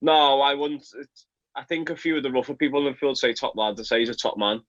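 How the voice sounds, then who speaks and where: A young Liverpool man with a strong local accent chats casually in an interview as a football player, laughing a lot and repeating his words. His voice is mid-range and fast, with a slightly bright tone. The high frequencies of the recording are cut off.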